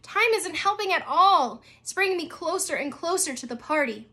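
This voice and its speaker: Storybook read-aloud: woman voicing a fretful ten-year-old girl, high and bright, rushed. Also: expressive, full character voice. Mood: panicked.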